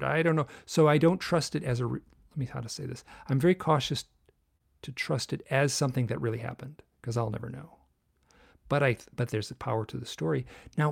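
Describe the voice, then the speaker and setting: A middle-aged man with a deeply gravelly, fry-laden voice speaks as an interview guest. He is earnest and halting, often stopping to rephrase and restart. His pitch sits in an ordinary male range. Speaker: guest author and researcher. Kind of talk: casual interview storytelling.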